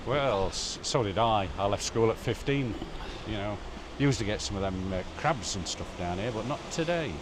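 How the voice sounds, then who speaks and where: A man's voice: on the low side, lively intonation, moderate pace, few pauses, noisy background. An older man, chatting easily and dryly on a seaside walk. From Derbyshire, England. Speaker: fellow vlogger and guest. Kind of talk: casual chat. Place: outdoors by a seaside street.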